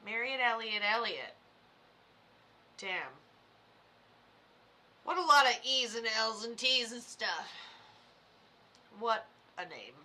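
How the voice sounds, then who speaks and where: A woman's voice: a little high, expressive, takes it slowly, pauses often, bright, forceful tone. A woman from Florida, a medium live-streaming in a casual, chatty way, swearing now and then and talking straight to viewers. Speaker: psychic medium livestreamer.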